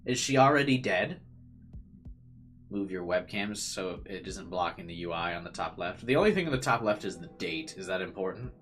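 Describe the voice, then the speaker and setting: A man's voice: low voice, fairly quick, hardly any pauses, fairly bright tone, soft background music. A young man streaming a visual novel, reading the narration aloud with added drama and chatting with viewers between passages.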